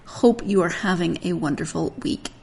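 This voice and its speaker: A woman's voice: on the low side, normal speed, gravelly, darkish tone. A woman in her forties hosting a book podcast, chatting in a rambling way and laughing often. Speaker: podcast host. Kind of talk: casual solo podcast chat.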